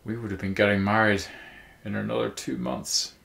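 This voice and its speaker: A man's voice: fairly low pitch, steady tone, normal speed, creaky, a bit bright. A man voicing a grieving young woman who asks tearful, pleading questions, in a storybook reading. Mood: heartbroken. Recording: roomy echo.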